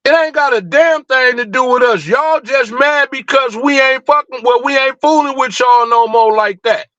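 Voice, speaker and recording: A livestream host speaks at a moderate pace in a very high-pitched, bright and forceful voice, on a dry recording with the highs cut off. The man's heated rant is blunt, profane and fired-up, brimming with rhetorical questions.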